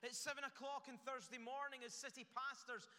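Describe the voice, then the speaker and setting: A man's voice: very high-pitched, level tone, a little fast, bright, forceful tone. A man pastor delivering an earnest sermon in a church, building emphasis through repeated phrases. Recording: echoey church hall.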